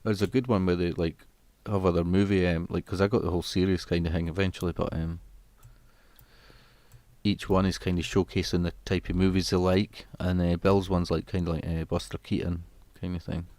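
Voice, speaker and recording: A man with a very low, deep voice, chatting loosely to his stream viewers. His talk wanders from point to point, and he often breaks off and restarts mid-thought. The sound is dry and close, with no room echo. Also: flat delivery, a little fast, a little mellow. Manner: rambling, meandering, stops and restarts his thoughts. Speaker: music livestreamer. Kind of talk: casual chat to a stream audience.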